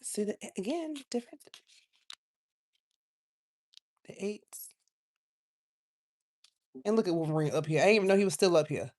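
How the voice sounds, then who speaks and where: A woman giving a casual live tarot reading, chatty and loose, drifting from quiet asides to loud outbursts. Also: lowish voice, very fast, few pauses. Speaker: tarot reader.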